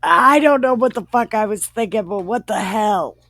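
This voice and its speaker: An irritated wife curses loudly about her own bad idea, as a woman acts her out. The recording is dry. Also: mid-range voice, expressive, normal speed, no room sound, voice pushed up. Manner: profane, loud outburst. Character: irritated, regretful wife, cursing.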